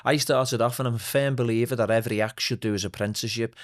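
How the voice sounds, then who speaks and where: Liverpool man telling animated stories. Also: medium pitch, quick pace. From Liverpool, England. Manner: animated anecdotes with put-on voices and laughs. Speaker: podcast guest, swing singer. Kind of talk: casual storytelling chat.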